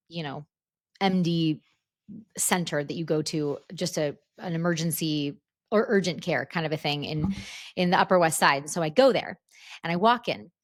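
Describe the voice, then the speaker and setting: A woman in her thirties hosting a podcast, telling a personal story in a casual, animated way with lots of restarts. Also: on the low side, no room sound, studio quality. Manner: animated, breathless retelling with many restarts. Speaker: podcast host.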